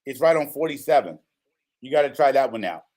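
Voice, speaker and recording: A man co-hosting a casual chat, relaxed and affirming, often saying okay and right. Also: mid-range voice, fairly quick. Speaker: co-host.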